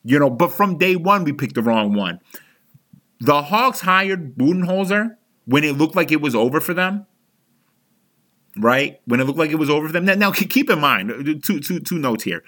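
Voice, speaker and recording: In a slightly high, sharp, expressive voice at normal speed, a young sports podcast host delivers an angry fan rant. He swears heatedly and keeps starting his sentences over.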